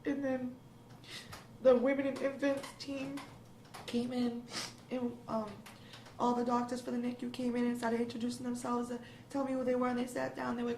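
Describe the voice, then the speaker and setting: A woman's voice: fairly high pitch, flat delivery, moderate pace, a little mellow. A young adult woman recounting a dramatic personal ordeal in an interview, her voice rising with emotion as she relives it. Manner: breathless, rising emotion, quoting others in the retelling. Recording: echoey room, faint background noise.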